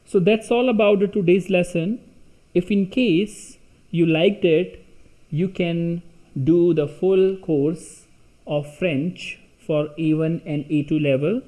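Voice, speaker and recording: Man, language teacher, very slow, word by word, slightly high voice. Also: steady tone, dark tone. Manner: reads words one by one with long pauses. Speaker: French teacher. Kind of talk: slow pronunciation lesson.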